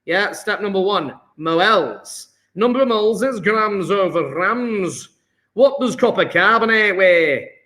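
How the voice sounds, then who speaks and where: Upbeat, high-voiced male chemistry teacher. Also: animated, unhurried, pushed and bright. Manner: upbeat, chatty, praising students as he works sums aloud. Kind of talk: live online exam-prep lesson.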